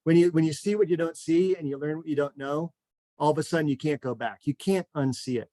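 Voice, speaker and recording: A man hosting a real estate webinar, talking in an energetic, repetitive motivational way and a little out of breath. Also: on the high side, fast talker, no room sound. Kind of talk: enthusiastic webinar pitch.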